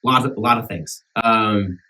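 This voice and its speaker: A man with a country accent talks casually on a church podcast. His voice sits very low, and he circles back over his words with fillers and restarts. He is recorded at a slight distance from the mic. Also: pushed and bright. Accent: rural American country. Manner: halting, many restarts and fillers, earnest. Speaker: minister back from sabbatical.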